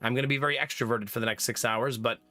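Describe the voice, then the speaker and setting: A man chatting casually to his live-stream viewers while gaming, talkative and quick to laugh. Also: mid-range voice, fairly even intonation, sharp tone, soft background music. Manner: chatty, laughs often, talks to chat. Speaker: game streamer.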